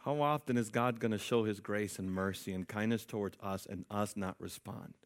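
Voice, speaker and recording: A man preaching a sermon, telling a story with lively voices for the people in it and often checking in with his listeners. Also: on the low side, moderate pace. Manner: animated storytelling, acting out quoted people.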